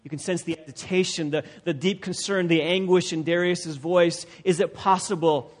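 Emphatic preacher in a reverberant hall. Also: male voice, a little high, fairly quick, hardly any pauses. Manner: emphatic, repeats phrases for stress. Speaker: pastor. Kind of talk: expository sermon. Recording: long reverb of a large hall.

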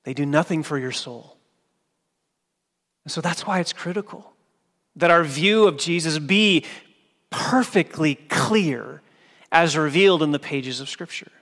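A male pastor preaching a sermon with emphasis, dropping low and soft when he quotes scripture. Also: animated, measured pace, pauses often. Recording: long hall reverb.

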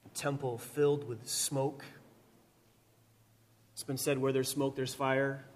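A man preaching a sermon, swinging from loud emphatic repetition to quiet, slow lines, with touches of gentle humor. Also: medium pitch, little pitch movement. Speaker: pastor.

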